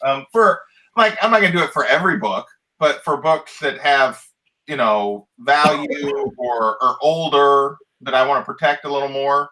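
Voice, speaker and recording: A man's voice: medium pitch, normal speed, sharp tone, low-quality recording. A man co-hosting a casual chat, explaining things in an agreeable, talkative way. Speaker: co-host.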